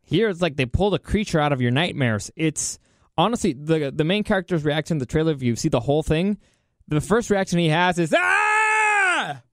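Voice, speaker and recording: A man vlogging a casual opinion rant, animated and incredulous, with crude outbursts. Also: on the high side, fairly quick, dry recording, studio quality.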